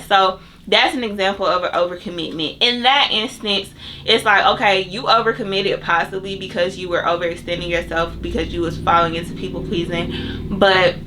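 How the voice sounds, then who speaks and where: A young woman with a bright, forward voice, giving self-help advice to her audience. She speaks in a loose, conversational way, with plenty of fillers and asides aimed right at the viewer. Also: medium pitch, a little hiss or hum. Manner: chatty, filler-heavy, talks straight to viewers. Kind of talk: casual advice monologue.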